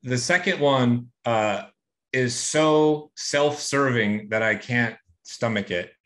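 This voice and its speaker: A man's voice: mid-range voice, takes it slowly, a bit bright. A man as a guest in a casual chat, blunt and exasperated.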